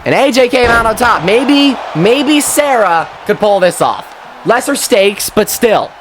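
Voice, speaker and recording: A young man giving excitable play-by-play commentary on a wrestling match, with mild swearing and quick self-corrections. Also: very high-pitched, some chatter behind, a little hiss or hum. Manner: excitable, swears mildly, laughs at own slips. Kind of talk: solo play-by-play commentary of a video game match.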